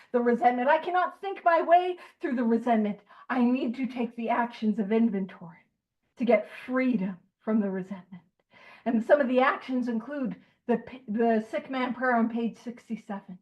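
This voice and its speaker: A woman giving a lively talk to a study group. She jokes, laughs often, and turns earnest and emphatic when she makes her point. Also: high-pitched, highs cut off. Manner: joking, animated, laughs often. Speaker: speaker at a recovery book study.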